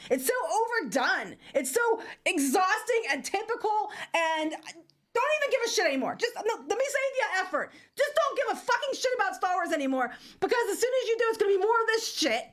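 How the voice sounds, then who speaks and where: A woman with a very high, lively voice that leaps up and down as she vents. She co-hosts a casual podcast chat in a heated, profane and sarcastic tone. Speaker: co-host.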